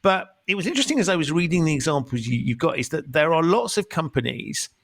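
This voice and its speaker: A man's voice: a little high, very animated, fast talker, fairly bright tone, no echo. A man hosting a podcast, reflecting on his guest's points in conversational commentary. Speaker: podcast host. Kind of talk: conversational interview.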